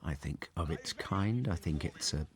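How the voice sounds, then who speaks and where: A man's voice: low-pitched, animated, moderate pace. An older man, an actor, chatting casually on a film commentary, rambling and repeating words as he thinks. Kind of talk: relaxed commentary chat. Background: film soundtrack playing.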